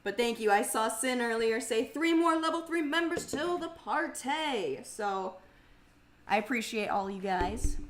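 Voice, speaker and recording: A young woman hosting a casual livestream in a mumbly, grumbly voice, chatting, swearing freely and laughing often. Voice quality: mumbly, grumbly low speaking voice. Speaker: livestream host and singer. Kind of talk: casual livestream chat reading viewer comments.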